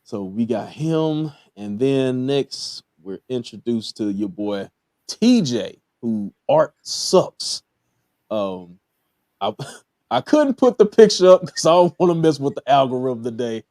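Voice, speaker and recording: Slow and sing-song, with a medium-pitched, dark voice, a man with a Southern US accent hosts a relaxed review of a TV episode. It's clean studio audio without echo; he talks with lots of fillers and chuckles at his own humor.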